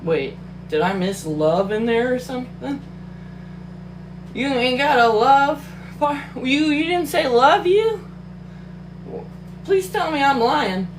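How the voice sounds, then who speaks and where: Woman commentator, unhurried, animated swings in pitch, swears and mocks freely. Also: a little hiss or hum. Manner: profane, exclamatory, mocking; laughs often. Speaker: book commentator. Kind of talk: casual reaction commentary.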